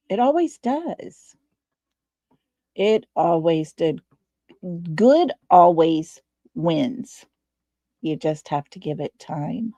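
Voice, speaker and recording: A low-energy woman from Texas, with a Texan accent and a warm, lowish voice, hosts a laid-back livestream, chatting folksily and calling out viewers by name, with no room sound in the recording.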